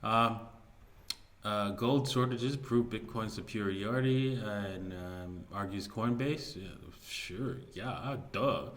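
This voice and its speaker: A man's voice: on the low side, takes it slowly, fairly bright tone. A man hosting his own video, talking loosely through market news with many fillers and restarts. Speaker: crypto video host. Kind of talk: casual market commentary.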